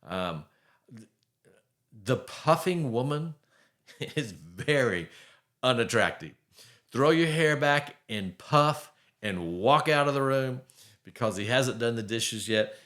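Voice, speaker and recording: A man's voice: medium pitch, lively intonation, takes it slowly, long pauses, fairly bright tone. A man hosting a faith-based marriage podcast, talking emphatically and conversationally with the odd wry chuckle. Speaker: podcast host.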